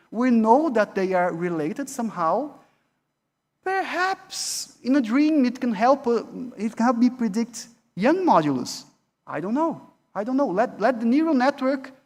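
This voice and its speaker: A man with a Brazilian Portuguese accent gives a university lecture in a large hall, and his voice carries a long reverb. He talks in a conversational way, repeats words as he restarts, and asks the audience rhetorical questions. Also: high voice.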